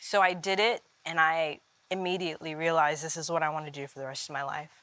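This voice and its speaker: A woman's voice: sits low, fast talker, no echo. A woman comedian from Uganda with an Australian accent carrying an American R, chatting and telling stories with lots of laughter while cooking. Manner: animated, laughing storyteller. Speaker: guest comedian. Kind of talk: casual chat while cooking.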